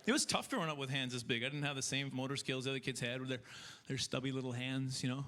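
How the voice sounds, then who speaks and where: A man doing a stand-up comedy set on stage, telling self-mocking stories in an animated way. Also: medium pitch, quick pace. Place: comedy festival stage before a live audience.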